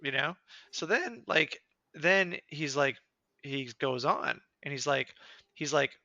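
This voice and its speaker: A man's voice: mid-range voice, a little slow, gravelly, dry recording, highs cut off. A man co-hosting a casual political podcast, swearing often and talking animatedly. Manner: swearing, animated, quotes politicians in put-on voices. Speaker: podcast co-host.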